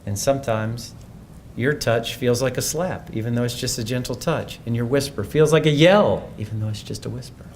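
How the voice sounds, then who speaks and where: A man's voice: mid-range voice, moderate pace, a little hiss or hum. A man giving a conference presentation in a conversational, thoughtful way, often restarting his sentences. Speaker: speaker.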